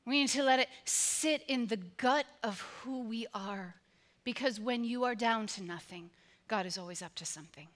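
A woman's voice: high voice, pushed and bright. A woman pastor preaching a sermon to her congregation, with an emphatic, repetitive cadence.

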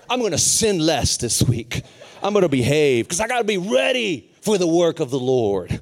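A young adult male preacher tells a story from the pulpit, animated and full of acted voices. His voice sits high for a man and swings between quick bursts and hushed moments. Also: gravelly, some chatter behind. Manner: animated, acts out voices of others. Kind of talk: storytelling sermon.

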